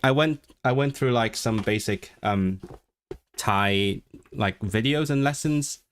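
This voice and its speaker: A man's voice: medium pitch, takes it slowly. A man hosting a casual livestream, reading viewer comments and sounding out foreign words with many restarts and repeated words. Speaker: livestream host.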